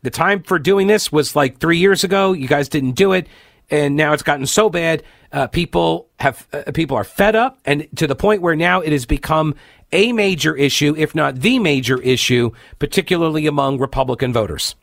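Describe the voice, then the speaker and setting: A man hosting a political talk radio show, giving animated, exasperated commentary with many fillers and restarts. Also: on the high side, moderate pace, gravelly, no room sound, clean studio sound.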